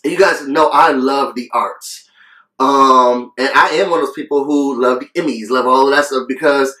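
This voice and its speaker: A man's voice: medium pitch, moderate pace, pushed and bright. Earnest man reviewing in an echoey room. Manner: earnest, coughing between phrases; passionate, repeats phrases. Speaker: video reviewer. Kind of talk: casual vlog review.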